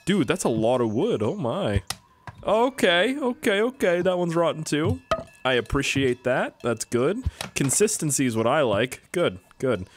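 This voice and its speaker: Young Canadian guy, animated let's-play commentary, noisy background. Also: on the high side, measured pace. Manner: chatty, joking, self-mocking asides. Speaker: gaming YouTuber.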